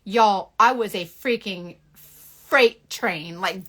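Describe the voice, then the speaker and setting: Loud bubbly woman with a bright voice. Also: medium pitch, a little hiss or hum. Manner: loud, bubbly and animated, fast bursts with laughs. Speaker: beauty seller hosting a live stream. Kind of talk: casual live-stream chat reading comments.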